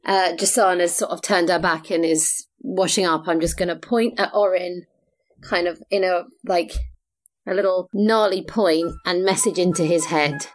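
A woman's voice: on the low side, fairly even intonation, moderate pace. A woman, a player in a tabletop game, chatty and playful. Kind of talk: tabletop role-play chat.

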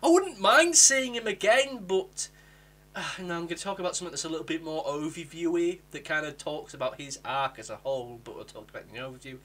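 A young man from England casually reviewing a TV episode, animated and acting out characters with sudden jumps in pitch. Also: quick pace. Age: young adult.

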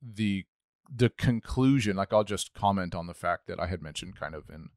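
A middle-aged man who is a pastor co-hosts a casual podcast conversation, thinking aloud and restarting his sentences often. His low, darkish voice has lively intonation at a moderate pace. The studio-quality recording is dry.

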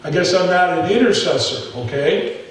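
A man's voice: sits high, expressive, normal speed, heavy reverb, recorded from a distance, slight background noise, low-quality recording. A man preaching a sermon as pastor, telling stories in a folksy way and talking straight to his folks in the pews. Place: church sanctuary.

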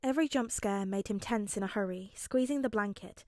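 A woman calmly narrating a fanfic as an audiobook reader. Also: mid-range voice, brisk, no room sound, studio quality. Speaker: podfic reader.

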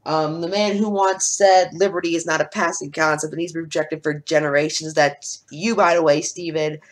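A man's voice: on the high side, fairly even intonation, normal speed. A man giving casual, sarcastic commentary while reacting to video clips, with lots of filler words.

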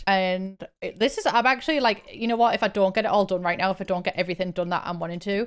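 A young woman with a Geordie accent chatting casually over her gameplay, swearing freely and talking to herself as she builds. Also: medium pitch. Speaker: gaming YouTuber.

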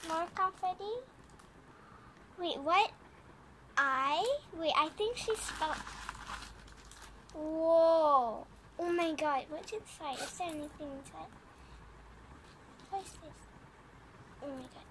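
A young female vlogger opening a gift, excitable and quick to squeal with delight. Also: very high-pitched. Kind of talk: gift unboxing vlog. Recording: background noise with paper crinkling.

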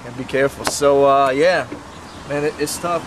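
A man's voice: moderate pace, background noise. A young man rambling through an improvised comedy sketch as a goofy salesman, recorded outdoors by a street. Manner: rambling, goofy, high put-on voice early.

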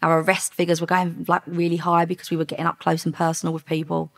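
A middle-aged woman, a former undercover police officer, telling lively stories in a podcast interview and acting out the dialogue. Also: on the low side, quick pace, gravelly. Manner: lively anecdotes with quoted dialogue, frequent laughs.

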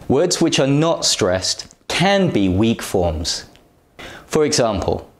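A man narrating a scripted English pronunciation lesson, speaking carefully and deliberately with clear enunciation. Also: mid-range voice, sing-song, echoey room.

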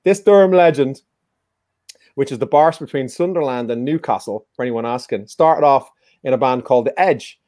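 A man's voice: mid-range voice, normal speed, mellow, no echo, studio quality. A man hosting a live-streamed music quiz in a casual, joking, teasing way. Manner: joking, teasing, playful banter. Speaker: quiz show host.

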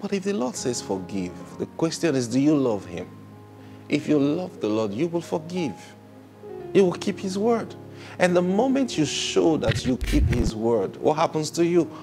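A man preaching a sermon, swinging between loud exclamations and hushed, slow asides, and acting out prayers and conversations. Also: fairly high pitch, big pitch swings, faint music behind. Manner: acts out prayers and conversations in changed voices.

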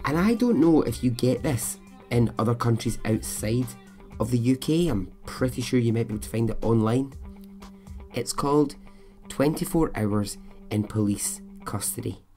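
A man's voice: mid-range voice, dark tone. A middle-aged man hosting a podcast, talking in a candid, chatty, self-questioning way. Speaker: podcast host. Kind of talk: casual podcast monologue.

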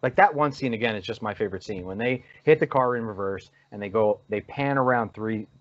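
A man's voice: on the low side, a little fast, dry recording. Enthusiastic man, dry lo-fi podcast sound. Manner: enthusiastic, rambling scene descriptions. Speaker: podcast co-host and editor. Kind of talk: casual chat reviewing a movie. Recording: dry, slightly dull lo-fi sound.

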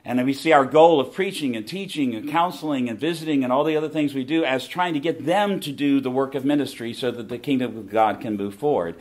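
A man's voice: medium pitch, a little fast, few pauses, a little mellow. A middle-aged man with a Southern American accent, giving an emphatic preaching talk and repeating his key phrases. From southern United States. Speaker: conference speaker.

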